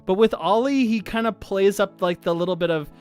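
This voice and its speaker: A streamer chatting casually on a livestream, gushing excitedly and swearing freely, with faint music behind. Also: medium pitch, a little fast, clean tone.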